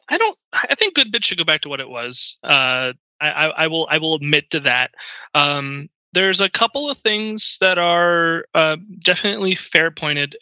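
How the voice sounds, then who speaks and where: Man, sharp tense voice, dry close sound, dull lo-fi audio, casual rambling podcast chat. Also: fairly high pitch, no room sound. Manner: rambling, full of ums and uhs. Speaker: podcast guest.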